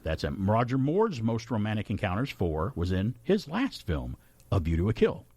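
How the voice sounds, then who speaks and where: A man hosting a radio show, chatting casually through trivia numbers in an animated way and laughing often. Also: on the low side, normal speed. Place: radio studio. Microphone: studio microphone.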